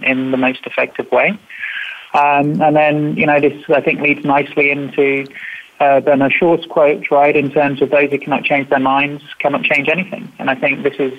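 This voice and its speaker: Male guest on a remote call: hesitant, flat-toned, thin phone-quality audio. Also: medium pitch. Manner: hesitant, many fillers and restarts, even tone. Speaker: guest, sponsor. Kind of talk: casual business talk. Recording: tinny phone-like line.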